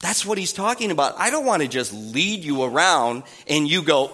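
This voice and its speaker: A man preaching a sermon in a playful, animated way, acting out little voices and sounds. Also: fairly high pitch, moderate pace, few pauses.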